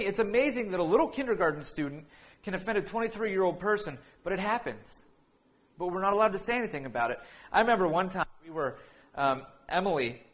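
A man with a somewhat raised voice preaches a relaxed sermon, telling a family story as if chatting with friends. He wanders through his anecdote, restarting sentences and leaning on fillers along the way. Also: a little high. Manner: breaks into laughter while telling a funny story.

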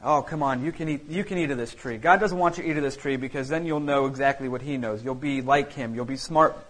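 A man's voice: mid-range voice, quick pace, fairly bright tone, pitched below the performer's own voice, lightly acted. A man voicing a coaxing male serpent tempter during a sermon, with a pushy, wheedling manner. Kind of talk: sermon storytelling.

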